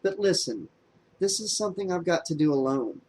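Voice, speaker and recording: A man voicing a determined, troubled young woman in an audiobook, speaking softly and a little higher than his own voice. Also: animated, brisk, rough recording. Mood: earnest, grave. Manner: soft and hushed, lightly raised voice. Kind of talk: audiobook character voice.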